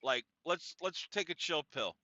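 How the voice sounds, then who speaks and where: A man voicing a placating male gym director who speaks hesitantly and tries to calm things, on a dull, lo-fi, dry recording. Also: a little high, unhurried, dry recording, heavily acted. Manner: soothing, hesitant, conciliatory.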